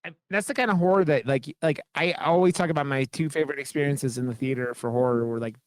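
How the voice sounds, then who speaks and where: A man's voice: medium pitch, fast talker, no echo, studio quality. A man co-hosting a horror podcast, chatting casually in a rambling, profane, enthusiastic way. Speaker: podcast co-host.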